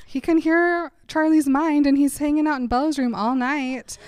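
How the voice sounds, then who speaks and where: A young woman co-hosting a podcast, recapping a story in casual chat and quoting the characters in a flat deadpan between laughs. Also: high voice, normal speed. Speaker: podcast co-host.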